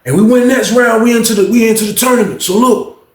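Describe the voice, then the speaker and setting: Man putting on a high, animated, fussy coach voice, in a roomy echo. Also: fast talker. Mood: hearty praise. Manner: animated, coaxing. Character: animated male basketball coach, fussy and pleased with himself.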